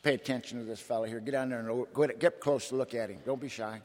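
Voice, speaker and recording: A man voicing a gruff old male ex-gangster, a blunt mentor with a deep, gravelly voice and slow, low delivery, heard in a hall with long reverb. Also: fairly even intonation, a little mellow, natural voice. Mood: lecturing.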